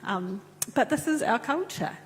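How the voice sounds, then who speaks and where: A woman's voice: a little high, animated, unhurried. A woman preaching a sermon and reading scripture in an earnest, conversational way. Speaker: pastor. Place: church. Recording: echoey church with faint hum.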